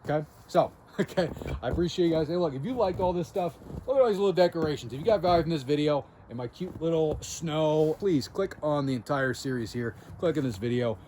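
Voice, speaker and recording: A man's voice: on the high side, expressive, fairly quick, warm tone, slight background noise. A young man hosting a self-help video, telling a story from his own working life in a chatty, self-mocking way. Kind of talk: casual storytelling to camera.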